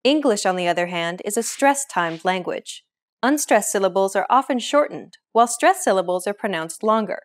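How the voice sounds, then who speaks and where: Young woman, lesson host, explains steadily and clearly in a scripted read. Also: medium pitch, expressive, normal speed.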